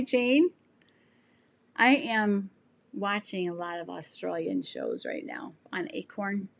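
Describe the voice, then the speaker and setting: A woman's voice: mid-range voice, vocal fry. A woman in her sixties who is losing her voice, hosting a casual sewing livestream, rambling with many ums and restarts while she reads viewer comments. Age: 60s. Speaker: sewing channel host.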